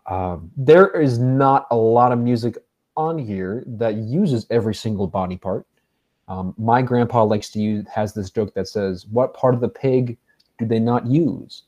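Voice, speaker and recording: A man's voice: medium pitch, unhurried, a little mellow. A man co-hosting a music podcast, reading a composer's bio from notes before telling a folksy joke. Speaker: podcast co-host. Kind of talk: reading an introduction then casual chat.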